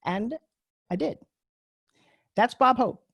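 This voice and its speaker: Brief: middle-aged Long Island woman, brash and candid, a touch high-pitched, close dry sound. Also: animated, slow pace, creaky, fairly bright tone, husky, no room sound, lo-fi sound. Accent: Long Island New York. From Long Island, New York. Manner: brash, candid, self-mocking, swears freely. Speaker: speaker giving a talk on a video call. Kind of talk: personal storytelling talk. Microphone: computer mic on a video call.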